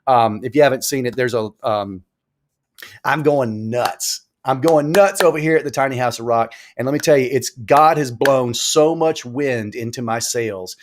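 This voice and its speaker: A man hosting a casual live stream from a small room at home, rambling and animated, repeating himself as he talks. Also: medium pitch, normal speed, slight background noise. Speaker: live show host.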